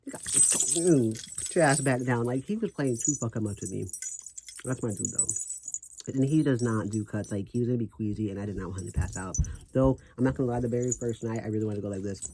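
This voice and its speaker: A brash, profane vlogger chats to camera with lots of sass and laughter. The words come out thick and slurred from a swollen tongue. The voice sits at a middle pitch over a faint background hiss. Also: brisk, mellow. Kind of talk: casual vlog talk.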